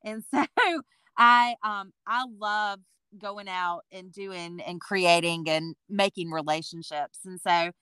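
A woman in her forties tells her story as an interview guest, lively and acting out the voices of others. Her voice is smooth and resonant, with a bright, forceful edge, recorded dry and close. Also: lowish voice, takes it slowly, dry recording. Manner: lively storyteller who acts out what people said. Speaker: boutique owner, interview guest. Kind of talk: conversational storytelling.

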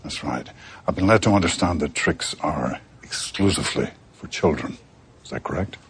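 A deadpan, solemn customer in a film comedy scene. His voice sits extremely low with a gravelly fry. He asks each question with total gravity. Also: normal speed, full character voice. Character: grave, deadpan grown man buying kids' cereal.

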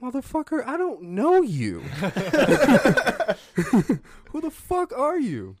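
A man voicing his exasperated older grandfather, who curses in shrill disbelief. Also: wildly swooping pitch, slow pace, darkish tone, exaggerated voice.

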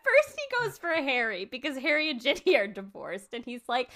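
A woman's voice: sits high, moderate pace. A woman in casual chat, retelling a fan fiction plot with lots of laughter and acted-out quotes. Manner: animated, laughing, acts out quoted characters.

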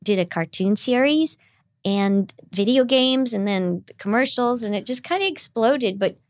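Speaking a little slowly in an animated voice on the high side, a middle-aged woman who does voice acting sounds young and girlish. She's a lively guest in a relaxed interview, recorded with no audible room sound.

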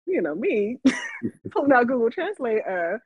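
This Las Vegas podcast co-host has a fairly high, slightly breathy voice and a measured pace, with no echo. Chatting casually, she laughs a lot while telling a story and livens up whenever she quotes herself, all on a dull, dry lo-fi recording.

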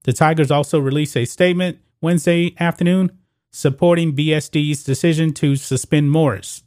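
A man's voice: fairly high pitch, fairly even intonation, normal speed, a little mellow, dry recording, clean studio sound. A man giving opinionated sports commentary straight to his viewers, calling them guys and folks and reading news articles aloud, tripping over words now and then.

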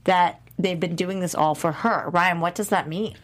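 A woman's voice: fairly low pitch, fairly even intonation, moderate pace. A woman hosting a casual discussion podcast, leading the talk and asking her co-hosts questions. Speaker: podcast host.

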